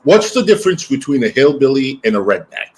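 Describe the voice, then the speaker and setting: A man hosting a stream, chatting in an animated, teasing way. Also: mid-range voice, brisk, husky, rough recording. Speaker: stream host. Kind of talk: casual chat on a stream.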